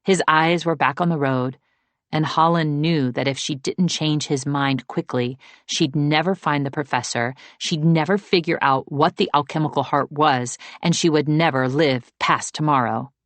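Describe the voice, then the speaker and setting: A woman narrating an audiobook in a steady, measured storytelling manner. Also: sits low, dry recording. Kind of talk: scripted narration.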